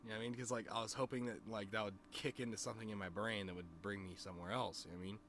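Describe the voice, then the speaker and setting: A man with a lowish voice, streaming and spinning a long dream story for his chat. He rambles, restarts, swears freely and keeps asking if you follow him. A faint hiss of noise sits under his voice. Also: steady tone, rapid-fire, fairly bright tone. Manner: rambling, profane, filled with "you know what I mean". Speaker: streamer and musician.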